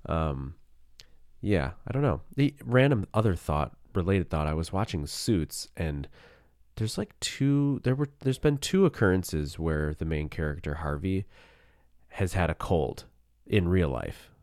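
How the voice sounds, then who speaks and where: A man's voice: low-pitched, animated, unhurried, a little mellow, dry recording, studio quality. A man hosting a casual solo podcast, rambling and self-deprecating, with a groggy morning voice and a cold. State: low morning voice; has a cold. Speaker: podcast host.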